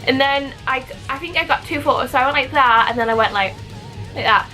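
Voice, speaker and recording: A woman's voice: high-pitched, brisk, sharp tone, faint music behind, poor audio. A young woman telling a rambling, giggly story in a casual vlog, full of "like". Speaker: vlogger.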